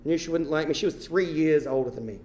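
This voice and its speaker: A young Australian man performing a one-man comedy storytelling show on stage, animated and prone to shouted rants. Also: on the high side, quick pace. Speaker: stand-up storyteller. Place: theatre stage before an audience. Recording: roomy theatre sound.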